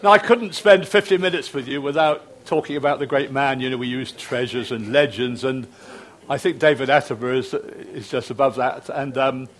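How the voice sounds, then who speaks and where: A man's voice: mid-range voice, moderate pace. An older British man, a retired television producer, telling anecdotes to an audience with frequent fillers and restarts. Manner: chatty storyteller, hesitant fillers and restarts.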